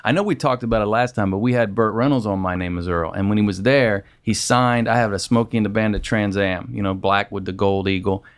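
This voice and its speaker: A man chatting casually, telling an animated story and acting out what people said. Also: fairly low pitch, a little fast, few pauses, clear, resonant tone. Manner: animated storyteller, acts out others' lines. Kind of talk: casual chat.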